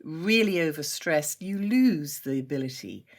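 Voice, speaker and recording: Chatty low-voiced woman energy teacher. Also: animated, unhurried. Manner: enthusiastic and chatty, laughing often. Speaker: energy medicine teacher, podcast guest. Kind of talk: explanatory interview talk.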